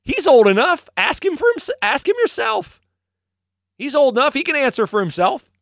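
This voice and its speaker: Flustered, evasive old parents, voiced by a man squeak out their answers in a very high, jittery voice. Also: sing-song, moderate pace, fairly bright tone, no room sound, clean studio sound, heavily acted. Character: nervous evasive elderly parents.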